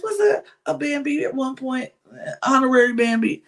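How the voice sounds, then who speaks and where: Woman podcast host, higher voice, candid casual recap, sighs and laughs a lot. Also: expressive, moderate pace, creaky.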